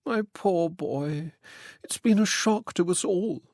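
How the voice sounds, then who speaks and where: A man's voice: sits high, slow, darkish tone, dry recording, voice pushed up. An anxious, sorrowful middle-aged society widow, as a male narrator puts her on. Her voice sits well above his own, and it sounds hesitant and mournful in a dry, close storybook reading.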